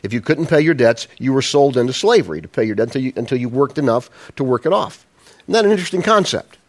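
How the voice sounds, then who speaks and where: A man's voice: mid-range voice, animated, fast talker. A man preaching a sermon in a conversational style, asking the congregation rhetorical questions. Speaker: pastor.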